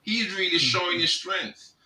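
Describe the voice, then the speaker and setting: A middle-aged reverend talks reflectively on a video call, halting and restarting as he thinks. His voice is very bright, slightly high for a man, and sounds roomy and distant from the mic. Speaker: reverend panellist. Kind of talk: panel discussion.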